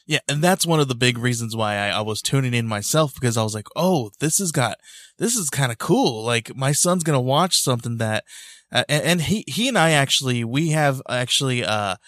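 A man's voice: medium pitch, lively intonation, a little fast, fairly bright tone, no room sound. A man hosting a podcast, chatting casually and upbeat, laughing often as he tells stories, on a studio mic through a mixer. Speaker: podcast host.

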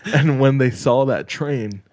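A man's voice: medium pitch, takes it slowly, a little mellow, no echo, studio quality. A young man on a podcast, telling stories in casual chat, with lots of "like" and "dog.". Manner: laid-back storyteller, says "like" and "dog" a lot. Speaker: podcast co-host.

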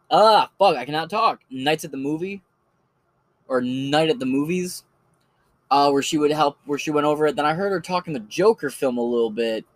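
A man's voice: fairly high pitch, no echo. Profane, rambling man on a dry mic. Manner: rambling and profane, with many fillers. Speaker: podcast host recommending creators. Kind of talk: casual solo commentary.

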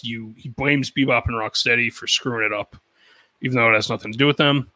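A man co-hosting a podcast, recapping a cartoon episode in animated, casual storytelling with quoted lines and swearing. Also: medium pitch, normal speed, dry recording, poor audio. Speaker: podcast co-host.

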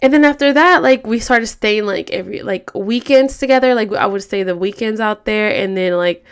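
A woman's voice: medium pitch, moderate pace, clear, resonant tone. A woman hosting a podcast, telling a story in a rambling, profane, casual way full of fillers. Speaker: podcast host.

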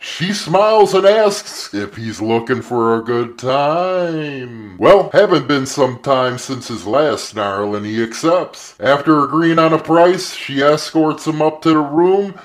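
A male radio host telling a bawdy joke with a drawn-out, animated delivery. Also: fairly high pitch.

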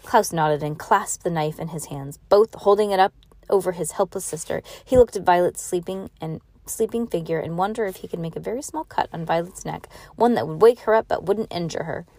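A woman's voice: lowish voice, a little fast, darkish tone, no room sound. A woman reading a novel aloud to her child in a casual, homey way, now and then stumbling over a word and starting the line again. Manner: casual, stumbles and restarts, laughs and comments between passages.

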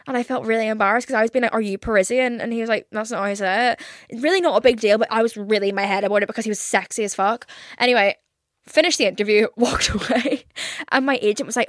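Speaking fast in a fairly high, mostly even voice, this young woman runs her own podcast alone. Her talk is casual and meandering, packed with curse words and fillers, and the studio sound is clean and echo-free.

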